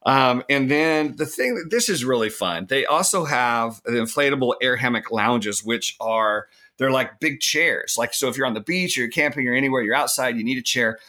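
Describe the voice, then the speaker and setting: A man's voice: mid-range voice, expressive, normal speed, hardly any pauses, bright, forceful tone. A middle-aged man co-hosting a podcast, chatting casually and enthusiastically, leaning hard on words for emphasis. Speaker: podcast co-host. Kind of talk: casual gift-guide chat.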